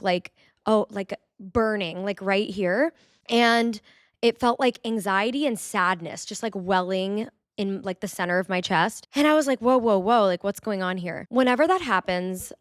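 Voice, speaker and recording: A woman's voice: mid-range voice, clear, resonant tone, no echo, studio quality. A woman vlogger, talking candidly in a chatty confessional way, with many "like" fillers. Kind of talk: casual confessional vlog.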